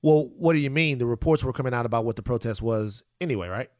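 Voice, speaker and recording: A man co-hosting a podcast, talking in a casual, animated, playful way. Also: medium pitch, fast, no room sound, clean studio sound. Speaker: podcast co-host.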